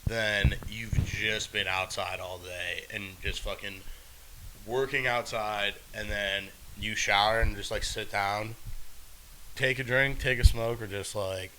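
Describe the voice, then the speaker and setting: A man's voice: lowish voice, fairly even intonation, takes it slowly, pushed and bright, slight background noise, poor audio. A man co-hosting a podcast, rambling in a loose, profane, casual way with frequent laughs. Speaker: podcast co-host. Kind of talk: casual chat.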